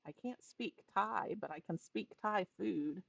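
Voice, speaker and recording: A woman's voice: mid-range voice, measured pace, gravelly, highs cut off, very noisy. A woman co-hosting a podcast in casual chat, laughing often as she tells stories. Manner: laughs often, animated storytelling. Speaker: podcast co-host.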